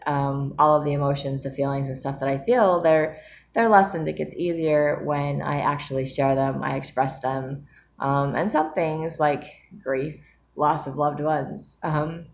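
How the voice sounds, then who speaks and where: A woman with a low, deep voice talks through her writing struggles in a casual, rambling vlog. She is tired from lack of sleep, fills her pauses with ums and soft laughs, and a faint background hum sits under her voice. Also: gravelly. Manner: rambling, laughs often, many ums and self-talk. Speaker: author vlogging about her writing.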